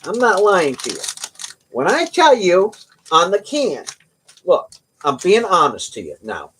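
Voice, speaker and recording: A man's voice: high voice, wildly swooping pitch, measured pace, a bit bright, slight background noise. A middle-aged man hosting a livestream, chatting casually with viewers and telling rambling, joking stories. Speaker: livestream host.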